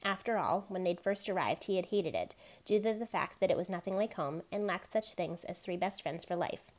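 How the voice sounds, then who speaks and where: Low-voiced woman reading a novel aloud. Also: animated, brisk. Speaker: reader.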